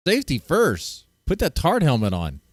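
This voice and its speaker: A man's voice: fairly high pitch, wildly swooping pitch, normal speed, dry recording. Guy streamer reacting to clips, crude jokes, voice all over the place, super dry close mic. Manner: joking, crude, rambling with restarts. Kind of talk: casual reaction commentary.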